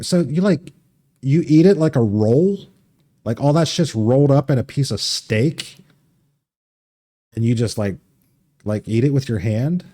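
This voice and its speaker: A man's voice: mid-range voice, expressive, moderate pace, dark tone. A man streaming a farming game, chatting casually, reading chat aloud, swearing freely and laughing easily.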